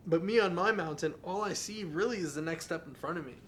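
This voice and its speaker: Speaking at a quick pace in a voice that sits high, this young adult podcast host delivers a casual, earnest and confessional monologue with candor. A little hiss or hum is audible.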